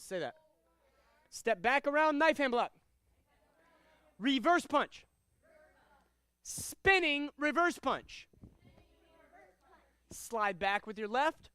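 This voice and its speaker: A young man teaching a karate class, switching between loud commands and relaxed, chatty explanations to students. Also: high voice, clean tone, dry recording. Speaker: karate instructor. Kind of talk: teaching a live martial arts class.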